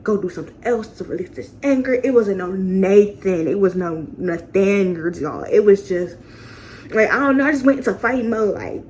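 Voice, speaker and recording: A young woman telling a story casually at home, animated and profane, repeating phrases for emphasis. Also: fairly high pitch, slight background noise. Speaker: vlogger. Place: home, indoors.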